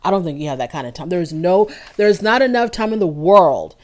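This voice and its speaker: A woman's voice: lowish voice, expressive, a little fast. A woman giving a casual, opinionated recap of a reality show episode. She talks directly to the people on the show and often uses fillers and restarts. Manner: chatty with frequent ums and restarts. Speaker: reality TV reviewer.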